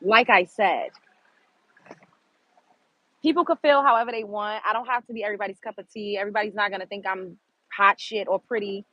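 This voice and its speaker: A woman's voice: medium pitch, fairly quick, pauses often, fairly bright tone, no room sound, lo-fi sound. Blunt, profane New woman host. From Brooklyn, New York. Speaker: show host. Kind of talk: unscripted commentary to a live chat.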